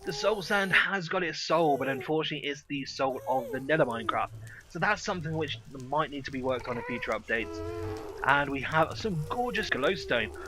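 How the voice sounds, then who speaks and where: A man's voice: on the high side, sharp tone, poor audio. A man hosting a game review, narrating over gameplay in an enthusiastic, playful way. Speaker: host.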